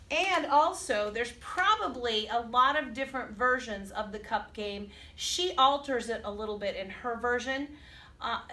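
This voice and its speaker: A woman's voice: sits high, pushed and bright. A middle-aged woman music teacher, chatty, explaining a rhythm game to students step by step. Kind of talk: recorded music lesson for students. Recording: echoey room, mic at a distance.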